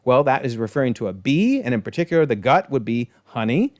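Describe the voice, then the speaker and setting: A man talking through a TV episode in a loose, chatty way, amused and quick to call things hilarious. His voice sits at an ordinary middle pitch. The sound is dry and close, with no room echo. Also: big pitch swings. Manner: briefly acts out quoted lines in changed voices. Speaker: online TV episode reviewer. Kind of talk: casual episode breakdown commentary.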